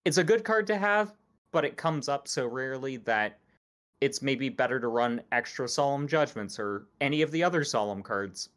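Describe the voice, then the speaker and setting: A man hosting a casual podcast chat, explaining things in a measured way. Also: medium pitch, expressive, fairly bright tone. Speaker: podcast host.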